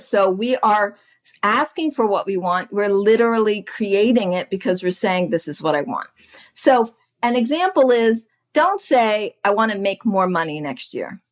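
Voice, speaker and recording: A woman business coach talking as a podcast guest, chatty and animated, often laughing and acting out what other people say. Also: on the high side. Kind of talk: casual chat.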